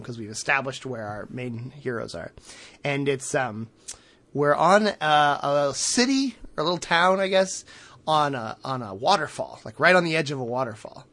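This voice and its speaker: A man's voice: medium pitch, a bit bright. A man co-hosting a podcast in casual chat, retelling a cartoon episode with frequent laughs and fillers. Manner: laughs often, many fillers, acts out quotes. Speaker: podcast co-host recapping a cartoon.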